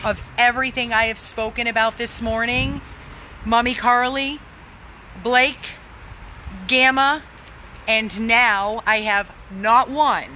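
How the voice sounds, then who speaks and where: A woman's voice: fairly high pitch, bright, forceful tone, a little hiss or hum, poor audio. A woman who runs an animal rescue, pleading for donations, emphatic and repeating words for stress. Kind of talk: pleading fundraising appeal.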